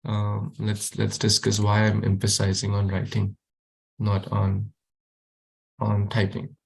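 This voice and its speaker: A man's voice: on the low side, completely flat delivery, takes it slowly, creaky. A man teaching a youth class over a video call, encouraging students and repeating his questions.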